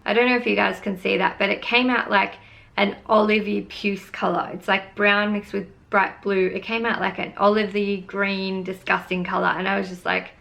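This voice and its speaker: A woman's voice: medium pitch, little pitch movement, moderate pace, vocal fry, bright, forceful tone. A young woman telling a storytime vlog, exasperated and swearing casually as she vents. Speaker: beauty vlogger.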